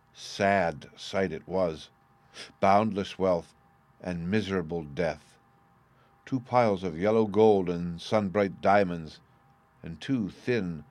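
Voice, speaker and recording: A man narrating a storybook in a measured way, slowing down on speech tags. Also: low voice, a little mellow.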